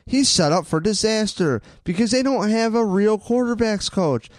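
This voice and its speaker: A man's voice: sits high, measured pace, dry recording, clean studio sound. Ranting, cursing sports podcast guy. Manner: profane, ranting, animated. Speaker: podcast co-host. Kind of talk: casual sports chat.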